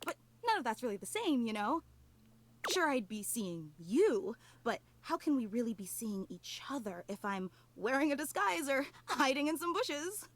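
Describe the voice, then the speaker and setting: A woman's voice: sits high, sing-song, normal speed. A woman voicing a clingy, emotional obsessive female superfan in a video game, gushing and tearful, apologizing over and over.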